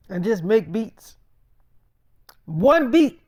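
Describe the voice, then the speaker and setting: A man improvising a profane, boastful, rambling story, often quoting others in a softer, lower voice. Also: moderate pace, dry recording.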